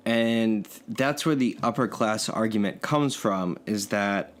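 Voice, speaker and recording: A man chatting casually on a podcast, his voice sitting a little lower than most. He rambles good-naturedly, trailing off and picking threads back up, with a chuckle slipping in now and then. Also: slow. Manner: rambling and good-humored, chuckling between thoughts. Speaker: podcast co-host. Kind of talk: casual chat. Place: indoors in Yonkers, New York.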